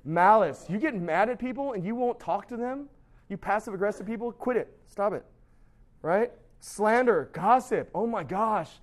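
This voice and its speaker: A man's voice: high voice, normal speed. A young man giving a youth sermon as a pastor, talking casually and acting out the excuses his students make. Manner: conversational and animated, acts out students' excuses.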